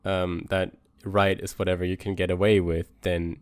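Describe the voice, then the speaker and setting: A man co-hosting a podcast, asking measured questions about a philosophy book with pauses. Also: sits low, little pitch movement, clean tone, no echo. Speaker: podcast co-host. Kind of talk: casual book discussion.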